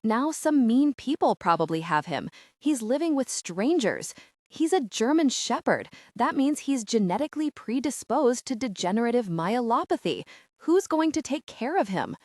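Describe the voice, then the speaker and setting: Storybook child read by a woman: outraged eight-year-old girl, animated, dry close recording. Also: normal speed, dry recording. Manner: higher, louder, outraged child voice.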